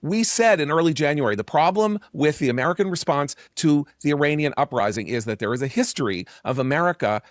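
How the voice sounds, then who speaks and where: A man's voice: fairly high pitch, animated, fast, few pauses, no echo, clean studio sound. A man speaking as a guest on a political panel, emphatic and exasperated as he makes his case. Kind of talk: TV panel discussion.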